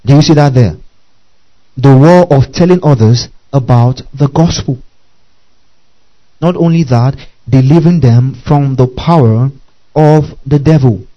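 A man with a medium-pitched voice teaches during a sermon, spelling words out letter by letter and asking listeners to repeat after him. He speaks at a measured pace with long pauses, and the audio is dull.

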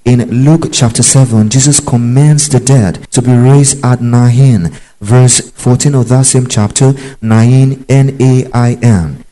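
A man's voice: mid-range voice, fairly even intonation, takes it slowly, hardly any pauses, dark tone, poor audio. A man preaching a Bible teaching, emphatic and repetitive, checking in with his listeners. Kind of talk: sermon-style Bible teaching.

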